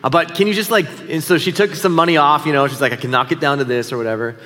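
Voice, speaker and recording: A man's voice: fairly high pitch, fairly even intonation, quick pace, bright, forceful tone. A middle-aged man preaches in a slightly raised, easy voice, spinning a self-deprecating story for his congregation. His words ring out with a long reverb, as in a big hall. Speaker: pastor. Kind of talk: sermon.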